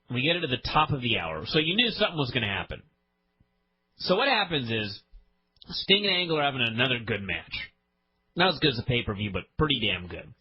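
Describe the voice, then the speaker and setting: A man with a mid-range, slightly rough voice hosts a wrestling podcast, ranting about a show he hates. His rant is exasperated, profane and fast-shifting, and the sound is lo-fi.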